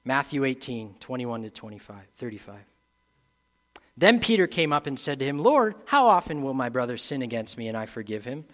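A man, preaching a sermon as pastor. He reads scripture aloud, building in intensity, then drops to quiet reflection. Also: medium pitch, sing-song, normal speed.

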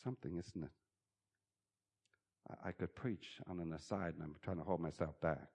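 A man preaching a sermon, swinging between loud, emphatic bursts and quiet, chuckling asides. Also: deep voice, steady tone, normal speed, vocal fry.

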